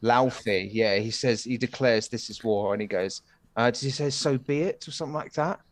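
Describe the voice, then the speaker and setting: Brief: laid-back young British co-host, dry close mic. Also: male voice, medium pitch, fairly quick, no room sound. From United Kingdom. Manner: easygoing, agreeable, recaps with slang. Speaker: podcast co-host. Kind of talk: casual chat.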